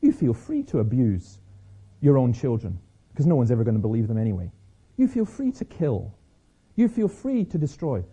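Guy giving a christian talk, real dark husky voice, keeps restarting sentences, kinda dull lo-fi sound. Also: mid-range voice, wildly swooping pitch, moderate pace. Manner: storytelling, frequent restarts and repeated words. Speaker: Christian speaker. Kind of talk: public talk with personal stories.

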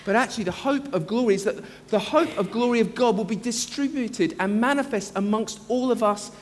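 A man preaching a sermon as a pastor, earnest and emphatic, slowing down to stress key phrases. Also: high-pitched, in a large hall, slight background noise. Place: church.

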